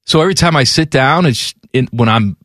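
A man co-hosting a radio talk show, bantering and acting out silly scenarios in shouted voices. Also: mid-range voice, lively intonation, fairly quick, no echo, studio quality. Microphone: studio microphone.

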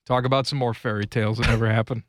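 A male radio co-host in casual sports banter, throwing out deadpan, provocative quips on a studio microphone. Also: medium pitch, rapid-fire, no echo.

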